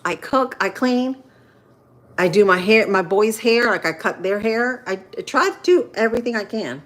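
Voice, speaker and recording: A woman in her thirties from Central Florida, chatting casually with viewers on a livestream while she cooks, with pauses and fillers as she thinks aloud. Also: medium pitch, lively intonation, fairly bright tone. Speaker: livestream host. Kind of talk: casual live-stream chat while cooking.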